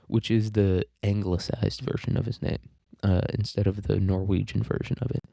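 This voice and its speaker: A man's voice: fairly low pitch, completely flat delivery, normal speed, gravelly, few pauses, mellow, dry recording. A man hosting a casual literature lecture, rambling, crude and joking, with profanity. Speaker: podcast host teaching literature.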